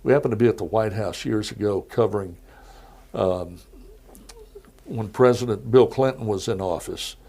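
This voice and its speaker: A middle-aged man, a TV news anchor, telling anecdotes in a relaxed podcast interview. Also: on the low side, normal speed, gravelly, long pauses, breathy edge. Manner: easygoing anecdotal storyteller. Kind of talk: casual interview storytelling.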